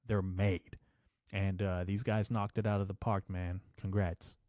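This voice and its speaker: A man rambles through a solo podcast, swearing often and dropping deadpan jokes. His voice sits low, and the recording is dry and close. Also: unhurried, no echo. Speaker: podcast host. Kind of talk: casual solo podcast rant.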